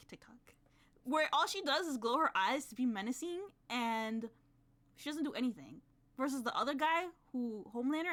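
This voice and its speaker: A woman streamer reacting live, her voice high and bright with a sharp edge. She gets excitable, protests loudly and breaks into laughter, swinging up and down in pitch.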